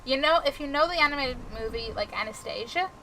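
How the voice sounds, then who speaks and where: A young woman streaming and chatting casually with her viewers, giggly and rambling, swinging between excited and chill. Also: high-pitched, fast talker, a little hiss or hum, low-quality recording. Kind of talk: casual chat with live chat.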